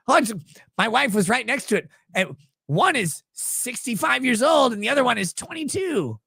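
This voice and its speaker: Man, lawyer streamer, casual storytelling, sarcastic, crude humor, animated, dry close sound. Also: very high voice, normal speed, creaky, slightly rough, no room sound. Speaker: lawyer and livestream host.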